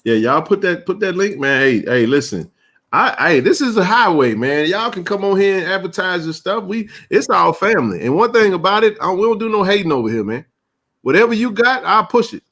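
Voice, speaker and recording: A man's voice: sits high, big pitch swings, brisk, fairly bright tone. A man, hosting a casual live sports chat stream in a laid-back, drawling way.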